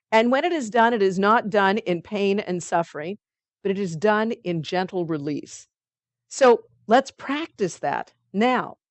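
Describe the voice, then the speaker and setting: A woman's voice: medium pitch, dry recording. A woman leading a spiritual study group. She reads passages aloud and talks about them in a loose, conversational way with many fillers. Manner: reads passages aloud, then comments in a chatty way.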